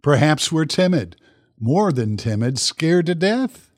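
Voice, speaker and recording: A pastor preaching a sermon, telling a Bible story dramatically and putting questions to the congregation. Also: male voice, fairly high pitch, sing-song, slow, no echo, studio quality.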